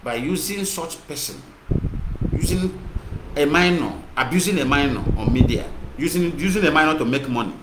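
A man with a Nigerian Igbo accent, working as an activist broadcaster, speaks expressively at normal speed in a slightly high voice. His impassioned monologue repeats itself and mixes English with Igbo, recorded in an echoey, noticeably noisy room.

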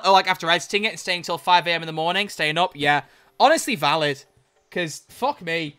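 Game streamer, live commentary, sharp bright voice, excitable and foul-mouthed. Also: mid-range voice, normal speed, faint music behind. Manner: excitable, swears freely, bursts into loud laughter.

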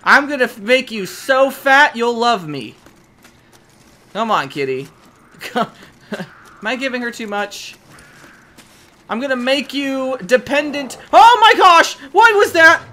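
Excitable young woman gaming, animated pitch. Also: slow, long pauses. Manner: chatty and excitable, shrieks at sudden scares; coaxing baby talk to an in-game pet. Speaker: gaming video host. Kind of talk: casual let's-play commentary.

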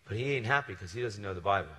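A man preaching a sermon, telling stories in a casual, animated way with slangy asides. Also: on the low side, racing, in a large hall, a little hiss or hum. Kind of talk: storytelling sermon.

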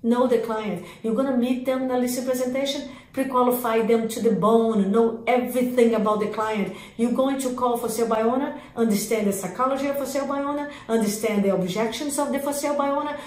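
A woman leads a sales training session, driving points home with emphatic, repetitive commands. Her voice sits a little high, and the room gives it a clear echo. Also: a little fast, few pauses, darkish tone. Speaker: real estate sales coach. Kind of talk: energetic sales training talk.

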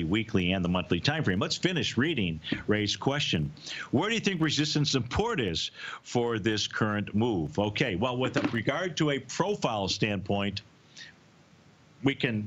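A man's voice: on the low side, a bit bright, highs cut off, a little hiss or hum. A man hosting a live market analysis show, answering viewer questions and explaining charts step by step.

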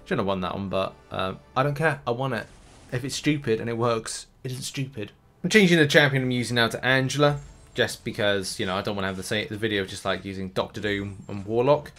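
A man's voice: on the low side, fairly quick, a bit bright, soft background music. A man chatting through a live gameplay session as a gaming video host, rambling and now and then cheering the game on. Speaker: gaming YouTuber.

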